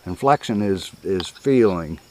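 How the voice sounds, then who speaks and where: Older man, lowish voice, easygoing rambling how-to talk with chuckles. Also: animated, unhurried, a little mellow. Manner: folksy, rambling, chuckles often. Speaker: coyote hunting instructor. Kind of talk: casual outdoor teaching.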